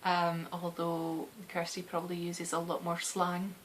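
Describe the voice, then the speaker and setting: A woman in her thirties with a soft West of Scotland accent, rambling chattily on her knitting podcast, often laughing and dropping into a whisper. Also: fairly low pitch, monotone, unhurried, a little hiss or hum. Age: 30s.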